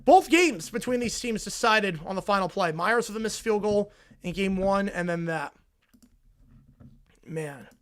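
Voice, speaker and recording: A young man hosting a football reaction livestream from his home desk, reading viewer messages aloud in an excited, rambling way. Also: sits high, a little slow. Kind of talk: live stream chat reading donations. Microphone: desk mic with headphones.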